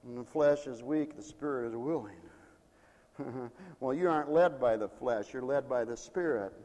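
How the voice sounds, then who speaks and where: A man preaching a sermon in a mission hall, emphatic, swinging between loud declarations and hushed asides. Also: mid-range voice, normal speed.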